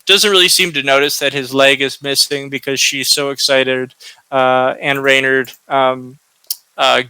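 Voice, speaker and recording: Slow, bright-voiced male game master. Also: medium pitch, clear, resonant tone, dry recording, low-quality recording. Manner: slow, hesitant, many fillers. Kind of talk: narrating a tabletop game.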